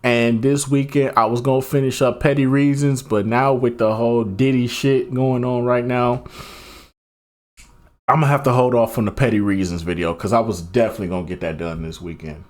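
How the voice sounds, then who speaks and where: A man's voice: mid-range voice, fairly even intonation, a little fast. A man casually chatting, musing aloud about his plans in a hesitant way. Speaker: streamer. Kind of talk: casual chat.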